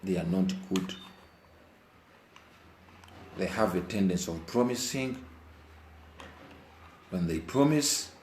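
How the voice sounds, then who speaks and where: A man's voice: low voice, expressive, slow pace, long pauses, darkish tone, roomy sound, slight background noise. A Ugandan man speaking emotionally in a live commentary, mixing Luganda and English and repeating his points with passion. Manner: impassioned, repeats phrases, mixes Luganda and English. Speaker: vlogger. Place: indoors while rain falls outside.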